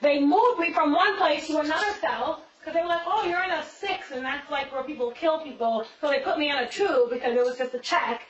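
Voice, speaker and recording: A woman with a fairly high voice rattles off a story in quick, profane bursts, repeating herself as she vents. She sounds far from the mic in a bare, echoing room. The hidden-camera audio is muffled and dull. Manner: rapid, profane, repetitive venting. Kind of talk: casual storytelling. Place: police interview room.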